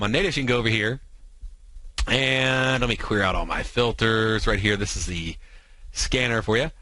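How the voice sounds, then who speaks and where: Fast-talking American trading show host. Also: male voice, on the low side, pushed and bright, low-quality recording. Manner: talks fast, many fillers and asides. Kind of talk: fast explanatory talk on trading.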